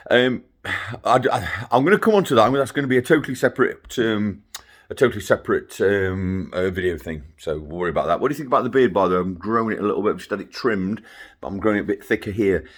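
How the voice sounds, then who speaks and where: A man's voice: on the low side, quick pace, breathy edge. A middle-aged man recording a rambling video update for his sons, ranting in a chatty way and breaking off into asides. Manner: ranting, chatty, self-interrupting with laughs and asides. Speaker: father vlogging to his sons.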